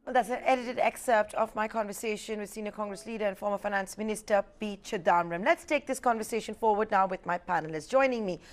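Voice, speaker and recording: A woman news anchor, asking brisk, probing questions and introducing a panel. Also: medium pitch. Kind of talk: television news interview and panel hosting.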